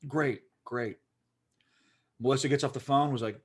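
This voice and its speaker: Pittsburgh man, podcast co-host, animated rambling storyteller, middle-pitched voice. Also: normal speed, slightly rough. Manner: rambling, animated, lots of "like" fillers. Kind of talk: casual storytelling chat.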